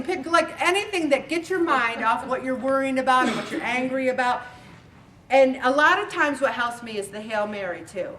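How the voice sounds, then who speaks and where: A woman's voice: on the high side, fairly bright tone, distant mic. Chatty woman host, echoey room, mic a bit off, faint hiss behind. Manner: chatty, acts out quoted remarks. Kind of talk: casual inspirational talk.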